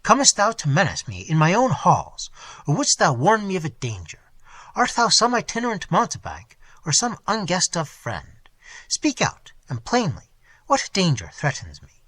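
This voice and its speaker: A man's voice: high voice, huge pitch swings, normal speed, a bit bright, no echo, pitched above the performer's own voice, exaggerated voice. A man reading an audiobook and voicing a haughty, scornful Italian prince who speaks imperiously. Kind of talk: audiobook character voice.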